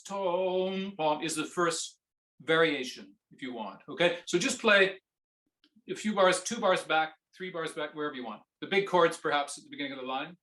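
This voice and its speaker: A man coaching a viola student in a masterclass, singing musical phrases between gentle instructions. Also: fairly high pitch, echoey room. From Canada. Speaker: viola teacher giving a masterclass.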